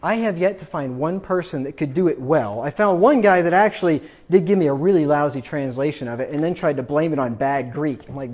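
A man preaching a combative, sarcastic sermon that builds to emphatic, drawn-out peaks. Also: on the high side, a little mellow, muffled recording. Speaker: pastor.

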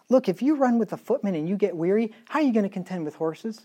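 Man, pastor, sermon, emphatic, middle-aged, measured scripture reading, quiet asides. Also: high-pitched, lively intonation. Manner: emphatic preaching, reads scripture in slow measured tones, drops to quiet asides.

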